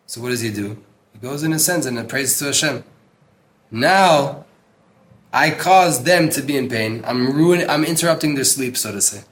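A man's voice: mid-range voice, animated, normal speed. Earnest man teaching a religious text. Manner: earnest, emphatic, repeats words for stress; mixes in Hebrew terms. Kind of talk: Torah class reading and translating a text.

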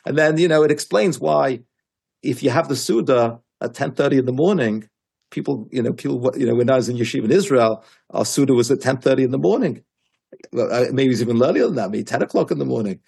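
Man teaching a Torah class, husky voice, animated storyteller who restarts a lot. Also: mid-range voice, a little fast. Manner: animated storyteller, many restarts, quotes his teacher emphatically.

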